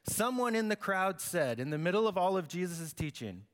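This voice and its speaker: A man's voice: on the high side, lively intonation, fairly quick, few pauses, fairly bright tone. A man preaching a sermon as pastor, conversational and joking, acting out the quotes he reads. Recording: long hall reverb.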